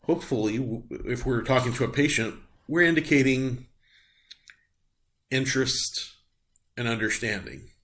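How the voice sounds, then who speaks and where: A man's voice: medium pitch, expressive, a little slow, long pauses, a bit bright. A middle-aged man giving a recorded nursing lecture, explaining step by step with frequent ums and uhs. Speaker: nursing instructor.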